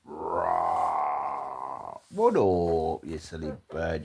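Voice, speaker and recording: A man's voice: lowish voice, sing-song, slow pace, darkish tone, slight background noise. A man talking to his pet bird at home, teasing and scolding it and swearing casually. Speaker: pet owner vlogger. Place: indoors at home. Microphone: phone camera held close.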